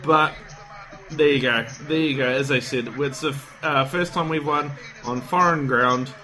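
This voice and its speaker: A man hosting a casual podcast, excited and rambling, swearing freely, tired from staying up late. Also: a little high, a little slow. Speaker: podcast host.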